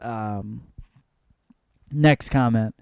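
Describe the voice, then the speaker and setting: A man's voice: medium pitch, very slow, gravelly, clean tone, dry recording, clean studio sound. A man in his thirties hosting a podcast, talking through listener comments in a loose, profane, rambling way and laughing at his own jokes. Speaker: podcast host. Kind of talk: casual comedic monologue.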